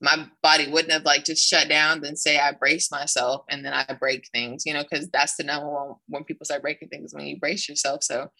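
Young woman athlete guest, bright voice, rambling chatty retelling. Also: deep voice, little pitch movement, a little fast, vocal fry, hardly any pauses, poor audio. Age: young adult. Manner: rambling, full of "like" and restarts, acts out quoted dialogue. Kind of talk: casual interview storytelling.

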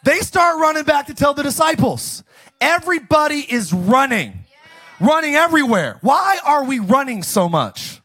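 A man preaching a jokey, energetic Easter sermon as pastor, often bursting into shouts. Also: normal speed. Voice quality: high, bright, animated preaching voice.

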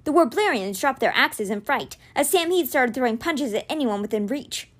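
A woman reading a children's fantasy novel aloud, narrating expressively. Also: moderate pace. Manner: expressive, voices dialogue with raised pitch. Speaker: reader.

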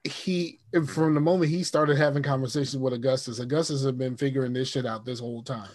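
A man's voice: medium pitch, fairly even intonation, quick pace, crowd noise. A man co-hosting a casual TV recap podcast, rambling and profane, often restarting his sentences. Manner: rambling, profane, repeats himself. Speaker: podcast co-host.

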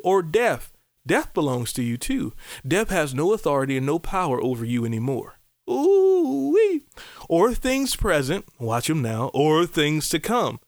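Animated preacher man, dry close sound. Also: a little high, dry recording. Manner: animated, swings between soft and loud exclamations; repeats catchphrases to listeners. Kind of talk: podcast sermon.

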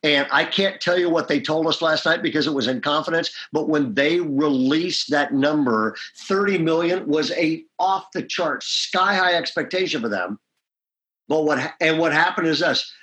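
A man's voice: fairly high pitch, normal speed, bright, forceful tone. A man speaking as a pastor in a leadership interview, emphatic and often checking in with "okay?". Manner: emphatic, punctuates points with "okay?".

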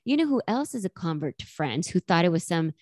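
A woman's voice: fairly low pitch, a little fast, no room sound, clean studio sound. Woman in her 30s, casual chat, quotes stuff with big voice swings. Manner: animated, acts out quotes with laughter.

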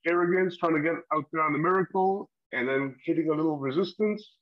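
A man with a fairly high, slightly quick voice casually leads a Bible study chat on a podcast. He rambles a bit, uses fillers and laughs now and then. The audio is lo-fi and a little muffled.

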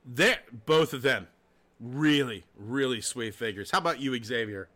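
A man hosting a casual podcast, telling stories in a profane, laughing, animated way. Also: medium pitch, unhurried. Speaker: podcast host. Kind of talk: casual chat.

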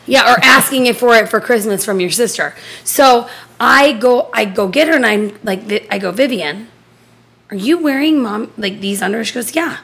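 Animated mom telling a story. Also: female voice, a little high, normal speed, gravelly, breathy edge. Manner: animated, acts out quoted dialogue; casual swearing. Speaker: podcast co-host. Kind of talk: casual storytelling chat.

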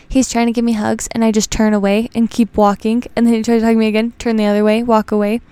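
A woman's voice: fairly high pitch, level tone, fast, few pauses, warm tone, clear, resonant tone, no echo. A young adult woman hosting a podcast, chatting casually and telling rambling personal stories. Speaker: podcast host. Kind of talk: casual chat.

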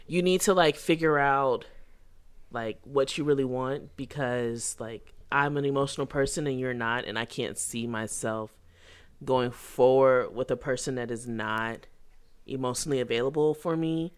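A man's voice: medium pitch, normal speed, clean tone. A man in casual chat, talking reflectively about relationships with many filler words. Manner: reflective, heavy use of "like".

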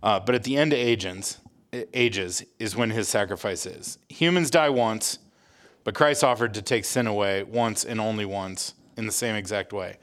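Low-voiced man reading scripture. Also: moderate pace, fairly bright tone. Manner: teasing, laughs easily. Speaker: podcast co-host and reader. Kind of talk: casual podcast chat and scripture reading.

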